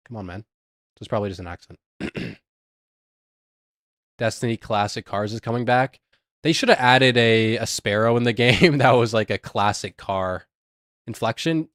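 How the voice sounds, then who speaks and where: Canadian man, slightly low voice, excitable slangy stream chatter, dry close sound. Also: moderate pace, pauses often, no room sound. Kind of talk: casual reaction chat on a livestream.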